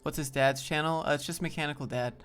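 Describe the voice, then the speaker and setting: A man's voice: fairly high pitch, fairly even intonation, a bit bright, clear, resonant tone, soft background music. A man hosting a live stream in a casual, rambling way, reading and answering chat as he talks. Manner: rambling, loose, quick asides to chat. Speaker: livestream host.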